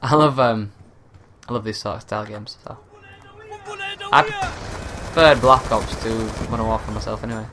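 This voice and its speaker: A young man giving live commentary over a shooter game, talking quietly at home at night and swearing at other players. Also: fairly low pitch, very animated, normal speed, long pauses. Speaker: gaming commentator. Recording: noisy game audio behind. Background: gunfire from the game.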